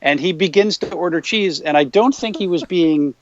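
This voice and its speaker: Relaxed man telling anecdotes, dull lo-fi sound. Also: fairly high pitch, normal speed. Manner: relaxed storyteller, frequent fillers, slips into impressions. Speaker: podcast guest. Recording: slightly dull lo-fi podcast audio.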